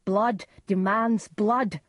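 Woman doing a freaked out haunted king yelling at ghosts, husky voice, dry sound. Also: medium pitch, steady tone, drawn-out words, no room sound, voice pushed up. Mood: commanding. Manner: frantic, crying out. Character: tormented haunted Scottish king, man.

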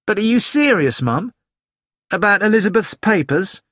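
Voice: medium pitch, sing-song, moderate pace, a bit bright, no room sound, clean studio sound, pitched above the performer's own voice. A reader voicing a thin, mischievous young male student who likes annoying people, in an audiobook. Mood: teasing. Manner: teasing, flippant. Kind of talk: audiobook character voice.

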